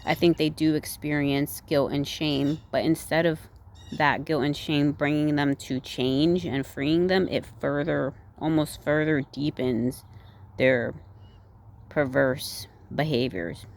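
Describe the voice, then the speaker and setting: Low-voiced woman rambling through a movie recap. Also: fairly even intonation, slow. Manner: rambling, full of "like", "you know" and "right?". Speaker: movie reviewer.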